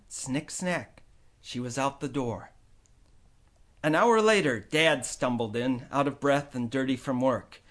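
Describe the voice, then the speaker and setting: Man narrating a story, super expressive, lots of ups and downs in his voice. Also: medium pitch, slow. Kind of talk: scripted audiobook narration.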